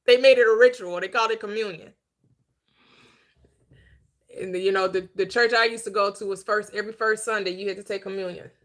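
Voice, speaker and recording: A woman hosting a livestreamed Bible teaching, preaching in an emphatic, conversational way, slowing down to stress key phrases and chatting with viewers in between. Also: medium pitch, fairly even intonation. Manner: chatty asides to viewers, quick laughs.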